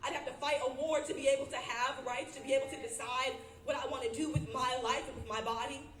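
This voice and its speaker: A woman's voice: high voice, fairly even intonation, fast talker, fairly bright tone. Emotional young woman speaking at a rally. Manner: emotional and earnest, with fillers. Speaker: student body president. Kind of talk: personal protest speech. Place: outdoor protest rally. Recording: echoey outdoor sound with background noise.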